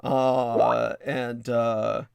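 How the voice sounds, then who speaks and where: A man's voice: mid-range voice, flat delivery, drawn-out words, creaky, darkish tone, clear, resonant tone, dry recording. A man hosting a livestream, reading news passages aloud and breaking off into wry, digressive asides with many hesitations. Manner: hesitant, with frequent filler sounds. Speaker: livestream host.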